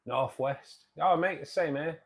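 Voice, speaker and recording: A man's voice: a little high, measured pace, fairly bright tone, husky. A man in his forties with a Manchester accent, hosting a casual livestream and chatting matily with viewers. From England, outskirts of Manchester. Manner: chatty, matey, reads out and answers viewer comments. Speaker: livestream host.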